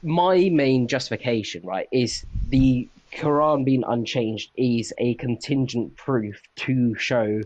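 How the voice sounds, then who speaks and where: A man in a casual voice chat debate, speaking in a measured, careful way with hesitant restarts. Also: medium pitch, a little mellow, no room sound, lo-fi sound. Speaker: debate participant.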